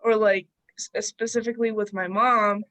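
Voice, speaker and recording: A woman's voice: medium pitch, fairly even intonation, moderate pace, a bit bright, dry recording, rough recording. A young woman rambles and giggles through her point in a casual group discussion. Her voice is recorded dry and close, with no room around it.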